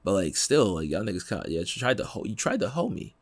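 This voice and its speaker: Young man, podcast host, lively swooping voice, slangy, laughs often, dry close sound. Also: lowish voice, fast talker, gravelly, no echo. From Pennsylvania, United States. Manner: animated, laughing, slangy, acts out quotes. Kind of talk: casual chat.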